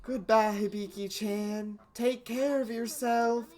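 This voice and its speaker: A woman voicing a doting older-sister girl with a Southern accent, reading a visual novel's lines in a sweet, fussing, drawn-out way. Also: on the high side, steady tone, darkish tone, pitched above the performer's own voice.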